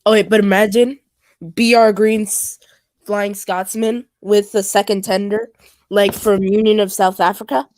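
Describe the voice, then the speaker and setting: A woman's voice: medium pitch, little pitch movement, measured pace, a little mellow, dry recording. Chatty woman, dry close sound. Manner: rambling, filler-heavy, nerdy train talk. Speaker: stream co-host. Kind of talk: casual chat.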